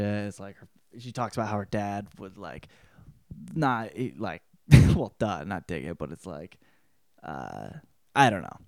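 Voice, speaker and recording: A man hosting a podcast, giving a casual spoken book report in a profane, rambling way, breaking into loud quoted outbursts. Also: lowish voice, dry recording, clean studio sound. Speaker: podcast host.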